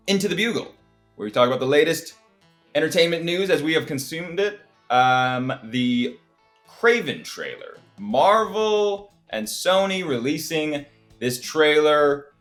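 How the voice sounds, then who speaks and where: A man's voice: fairly high pitch, fairly bright tone. Male podcast co-host, casual chat, scornful critic, faint background music.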